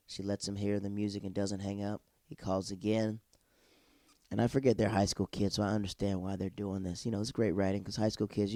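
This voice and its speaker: A male podcast host giving a casual, slangy recap of a TV episode, acting out the characters' lines in quick put-on voices. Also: fairly low pitch, mellow, no echo, studio quality. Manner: laid-back slangy talk.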